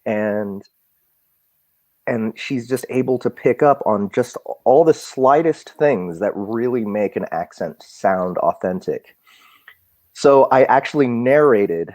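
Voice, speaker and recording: A man's voice: fairly low pitch, lively intonation, slow pace, a little mellow, dry recording. A man in casual live-stream chat, rambling and self-deprecating, with many restarts. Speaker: audiobook narrator and guest.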